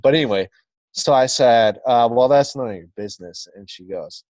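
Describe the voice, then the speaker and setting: Profane, animated man telling a story. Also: medium pitch, normal speed, dry recording. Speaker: podcast guest. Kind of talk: casual storytelling.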